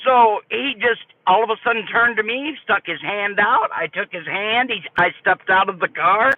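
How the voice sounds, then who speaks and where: An older woman streaming live, telling a story to her chat in an animated, folksy way. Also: medium pitch, normal speed. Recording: tinny phone-like dry audio.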